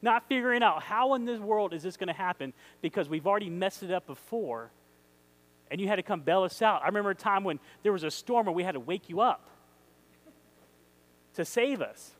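A man with a high voice preaches a sermon with eager energy, quick to get carried away. He reads scripture aloud and keeps turning to his listeners with questions. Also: rough recording. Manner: excitable, emphatic, asks the audience questions.

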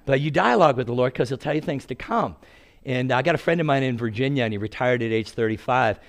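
A man's voice: mid-range voice, fast talker. A man in his sixties preaching a sermon in a storytelling way, acting out quotes and laughing at his own stories.

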